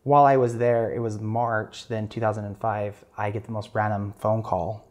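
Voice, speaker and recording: A man's voice: fairly low pitch, moderate pace. Earnest man telling his story. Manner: earnest, animated storytelling with restarts. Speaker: podcast guest. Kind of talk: personal storytelling interview.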